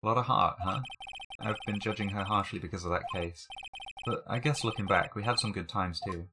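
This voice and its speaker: A man's voice: low voice, fairly quick, noisy background. Man tossing off wry game asides. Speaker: streamer. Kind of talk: casual gameplay commentary. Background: game music.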